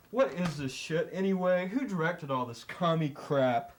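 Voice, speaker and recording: Man acting gruff fed-up actor, crude, faint background noise. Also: on the high side, lively intonation, measured pace. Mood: grumpy. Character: grumpy actor quitting a failing film.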